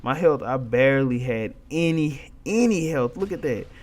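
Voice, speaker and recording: A man's voice: medium pitch, lively intonation, moderate pace. A young man giving casual gameplay commentary, ranting in frustration about his teammates and repeating himself often. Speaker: gaming video commentator.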